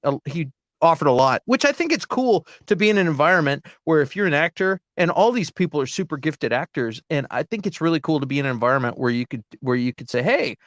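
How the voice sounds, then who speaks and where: A man's voice: a little high, quick pace, no echo, clean studio sound. A man co-hosting a casual panel chat, telling stories with energy and acting out what others said. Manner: animated storyteller, acts out quotes. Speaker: co-host.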